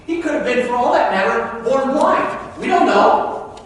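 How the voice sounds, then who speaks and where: A male pastor delivering a sermon, his voice pitched high for a man. He drops to near hush and then builds to loud, emphatic appeals. The sound comes from a distance in a long, echoing church hall. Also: expressive, a little slow, slight background noise. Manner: swings from hushed to loud and emphatic. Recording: echoey hall, mic far off.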